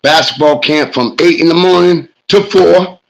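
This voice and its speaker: Middle-aged New man, hoarse and gravelly, rambling sports host monologue. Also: on the high side, moderate pace, poor audio. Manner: rambling storyteller, talks smack. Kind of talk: casual monologue.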